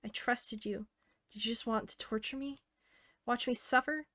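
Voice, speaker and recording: A woman reading aloud as a self-aware teenage game girl, earnest and intimate, softly pleading. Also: on the high side, fairly even intonation, normal speed, dry recording, lightly acted. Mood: bitter.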